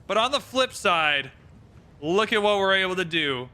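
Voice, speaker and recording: Young Canadian male streamer, upbeat chatter, fairly high and very bright voice. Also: animated, moderate pace. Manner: chatty, reads out viewers' locations, swears casually. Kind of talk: casual livestream chat while playing.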